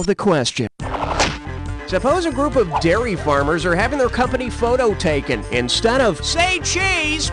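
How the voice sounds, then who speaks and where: Brash quiz host, high lively voice, loud backing music. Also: male voice. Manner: brash, jokey, animated. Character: brash wisecracking male quiz host Cookie. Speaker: game show host. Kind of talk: wisecracking quiz show hosting. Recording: game audio over loud music.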